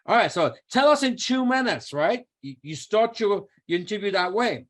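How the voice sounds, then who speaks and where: A middle-aged man giving an energetic motivational training talk, coaching his audience and repeating key phrases for emphasis. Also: high-pitched, normal speed. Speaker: network marketing trainer.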